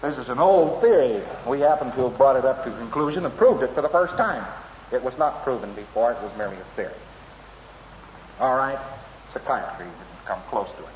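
A man's voice: medium pitch, lively intonation, brisk. A man giving an informal lecture in a wry, anecdotal way, chuckling at his own asides. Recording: echoey hall, dull lo-fi old tape, faint hiss.

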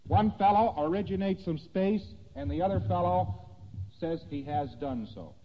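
A man giving a lecture, talking through diagrams in a conversational, animated way and checking that listeners follow. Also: sits high, normal speed, slight background noise. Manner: conversational, animated, asking "see that?". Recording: dull lo-fi recording in a reverberant hall.

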